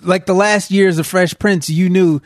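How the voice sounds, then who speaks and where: Guy cohost, kinda high voice, excited, loose slang, dry sound. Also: moderate pace, dry recording. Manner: enthusiastic, relaxed slang. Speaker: podcast co-host. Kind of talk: casual chat.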